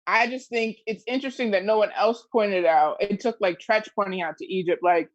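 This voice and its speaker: A woman's voice: medium pitch, fairly quick, no room sound. A woman panelist in casual chat, thoughtful and wry. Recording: dull dry call audio.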